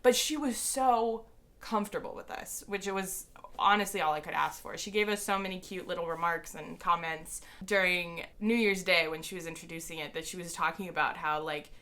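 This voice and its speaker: A young woman vlogger tells a story straight to camera, gushing like an excited fan. Her voice sits low but rings bright and forceful. She fills her sentences with "like.". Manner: peppers speech with "like".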